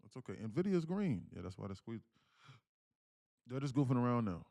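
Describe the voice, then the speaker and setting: A man's voice: brisk, vocal fry, dark tone, dry recording. A young man streaming live as a day trader, talking through his trades and chatting with his viewers. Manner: chatty, thanks viewers, switches to a higher put-on voice when reading comments. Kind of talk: live trading commentary.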